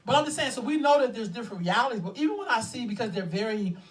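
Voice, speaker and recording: Woman, 50s, co-host. Blunt, animated, laughs often, a bit off-mic. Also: fairly high pitch, racing, distant mic. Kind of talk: casual chat.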